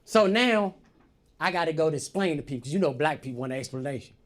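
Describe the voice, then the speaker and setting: Lively man doing stand-up. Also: on the high side, fast, a little hiss or hum. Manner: animated, addresses the audience as y'all. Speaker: stand-up comedian. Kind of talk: stand-up comedy storytelling. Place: live comedy stage.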